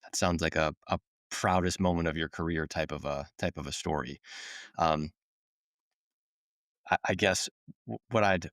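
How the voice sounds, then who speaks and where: Male podcast host; deep voice; roundabout, searching questions; dry, close sound. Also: a bit bright, no echo. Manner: long, searching questions with restarts. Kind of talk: interview questions.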